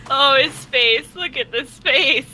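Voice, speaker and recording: High, bright young woman who squeals. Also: unhurried, a little hiss or hum. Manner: squeals and shrieks under attack. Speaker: let's-play gamer. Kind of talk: casual gameplay chat.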